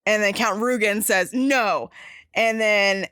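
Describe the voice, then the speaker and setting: Bright-voiced woman gushing over a movie. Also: mid-range voice, slow pace, dry recording, studio quality. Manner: excited, profane retelling with lots of fillers. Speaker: podcast host. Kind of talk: casual movie recap.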